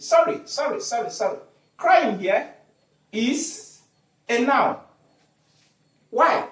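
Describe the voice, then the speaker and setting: An English teacher giving an online grammar lesson, repeating key words and posing questions, then answering them. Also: mid-range voice. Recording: roomy echo, faint music behind.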